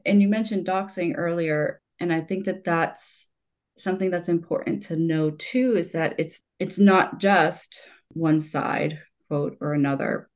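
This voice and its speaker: A woman in her forties, whose voice sits low and a little mellow, is having a relaxed podcast conversation. Her speech wanders in long stretches, punctuated by restarts and laughs.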